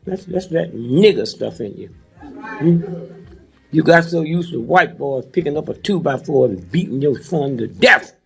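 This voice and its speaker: Gravelly, high-voiced man in his eighties. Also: animated, a little slow. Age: 80s. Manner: keeps prodding the crowd with "huh?" and "hmm?". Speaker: speaker addressing a live audience. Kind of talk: preachy comic talk with a live audience.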